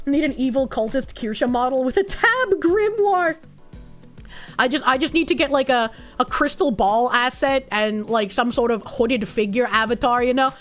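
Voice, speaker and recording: A woman's voice: fairly high pitch, moderate pace, faint music behind. A young woman streamer chatting casually with her viewers in a blunt, sarcastic way, with a lot of swearing. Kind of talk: casual chat reacting to chat messages.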